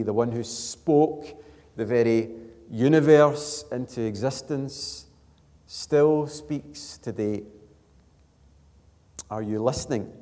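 Pastor preaching in a reverberant hall. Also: male voice, lowish voice. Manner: earnest, building to emphatic peaks then dropping soft. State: struggling voice. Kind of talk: sermon. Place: church.

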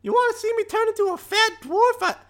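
A man voicing a cocky, playful male changeling in a tabletop game, in a giggly falsetto full of bravado. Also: fast talker, fairly bright tone. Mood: boastful. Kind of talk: tabletop game role-play.

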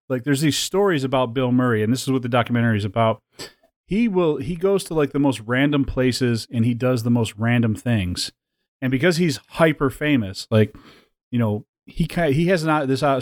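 A man hosting a podcast in a casual chat, rambling with lots of fillers and quick laughs. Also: mid-range voice, dry recording, clean studio sound. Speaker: podcast host.

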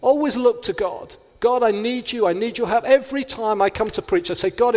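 High-voiced preacher in a reverberant hall. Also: male voice, brisk, hardly any pauses. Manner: earnest, acts out quoted inner voices. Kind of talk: sermon.

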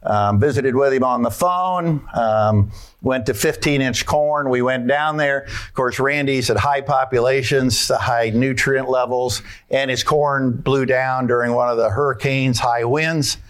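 Guy talking farming at a conference, folksy, quizzes the crowd, middle pitch. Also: steady tone, measured pace, fairly bright tone, clear, resonant tone. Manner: folksy, asks the audience questions. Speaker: farmer giving a conference talk. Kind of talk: conference presentation with slides.

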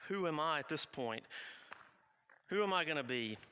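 A man playing a remorseful male apostle in a first-person dramatic monologue, confessional and halting. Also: on the high side, expressive, sharp tone, clear, resonant tone, muffled recording. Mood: anguished. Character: remorseful male apostle recounting his denial.

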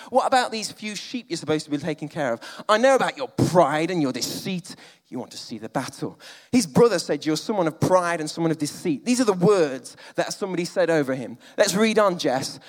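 A man's voice: on the high side, very animated, fairly quick, long reverb tail. Dynamic man preaching a sermon. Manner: dynamic, swings between loud emphasis and quiet near-whispers.

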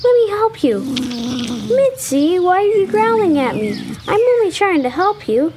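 A woman doing a sweet earnest boy, high lively voice, slow delivery, radio play, noisy recording. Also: exaggerated voice. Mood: worried. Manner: earnest, expressive. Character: earnest young boy, kind-hearted. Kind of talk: radio drama acting.

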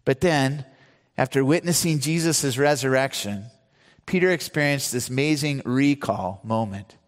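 A pastor preaching a sermon, retelling scripture stories with earnest emphasis. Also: male voice, medium pitch, unhurried. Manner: earnest storytelling preacher, acts out quotes. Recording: hall reverb.

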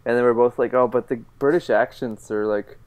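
A man in a casual chat among friends, making dark deadpan jokes. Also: mid-range voice, a little fast, clear, resonant tone.

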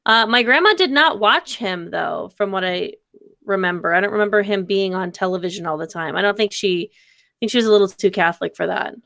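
A woman's voice: medium pitch, fairly quick, vocal fry, fairly bright tone, no echo, clean studio sound. A woman chatting casually with friends in a comedy chat, earnestly setting up questions for the group.

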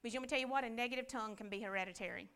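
Woman Bible teacher, high, clear voice, conversational preaching style. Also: very fast, fairly bright tone. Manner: conversational preaching, rhetorical questions. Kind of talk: church Bible class teaching.

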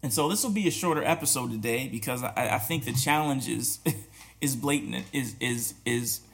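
A man's voice: mid-range voice, normal speed, vocal fry. A man hosting a podcast, talking earnestly and challenging listeners with repeated rhetorical questions, with restarts and short laughs. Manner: many restarts and hesitations, soft laughs. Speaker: podcast host. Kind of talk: reflective spoken commentary.

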